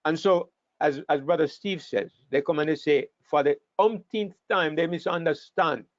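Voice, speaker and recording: A man teaching an online Bible class, talking in an animated way and sometimes repeating words as he thinks. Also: on the high side, normal speed, dry recording. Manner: animated, acts out scripture quotes, repeats words while thinking. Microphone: online call microphone. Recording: dull, dry online call audio.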